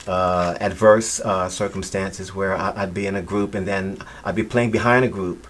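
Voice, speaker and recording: A man's voice: low voice, fairly even intonation, moderate pace, fairly bright tone. A middle-aged man, a musician guest, telling stories animatedly in a casual interview, with frequent restarts.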